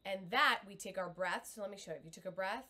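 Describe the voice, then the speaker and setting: A woman's voice: mid-range voice, fast, pushed and bright. A middle-aged woman and communication coach, giving an upbeat, encouraging live video lesson with demonstrations.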